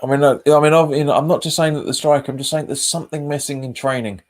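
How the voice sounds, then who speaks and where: A man's voice: fairly high pitch, steady tone, fast talker, a little mellow. Chatty man hosting a watch-along. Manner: chatty, repeats phrases, reads viewer comments aloud. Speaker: fan channel host. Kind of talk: live match watch-along chat.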